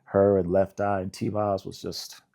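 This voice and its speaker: An older man from Indianapolis, a songwriter being interviewed, telling relaxed stories with laughter and acting out the voices of people he quotes. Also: sits low, a little slow, gravelly. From Indianapolis, USA. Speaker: songwriter guest.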